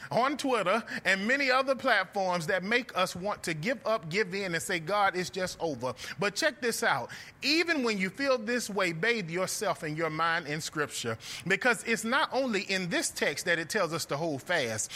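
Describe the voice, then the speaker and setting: Lively, bright-voiced young male preacher. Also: sits high. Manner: animated storytelling, addresses listeners as friends. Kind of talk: sermon.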